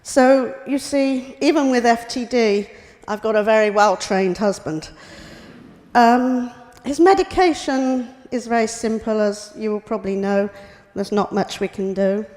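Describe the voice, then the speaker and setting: A woman's voice: a little high, a little slow, darkish tone. A middle-aged woman giving a prepared personal talk as a carer, in a plain, matter-of-fact way. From United Kingdom. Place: hospital lecture room. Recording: reverberant hall.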